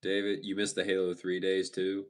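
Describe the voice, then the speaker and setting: A young man hosting a livestream, casually chatting with viewers and answering their comments in a relaxed way, often stumbling and restarting his sentences. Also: deep voice, moderate pace. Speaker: livestream host. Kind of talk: casual live chat reading viewer comments.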